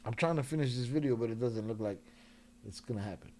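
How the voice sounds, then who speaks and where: A man's voice: medium pitch, quick pace, warm tone, slight background noise. Loose, laughing live-stream host, male. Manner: loose, joking slang talk, laughing often. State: a few drinks in. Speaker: livestream host. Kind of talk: casual live-stream chat.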